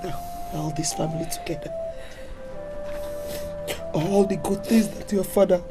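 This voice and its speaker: A woman's voice: fairly low pitch, steady tone, measured pace, over music. A woman with a Nigerian accent playing a dying mother who pleads for forgiveness in a tearful voice. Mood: remorseful. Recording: loud film score behind.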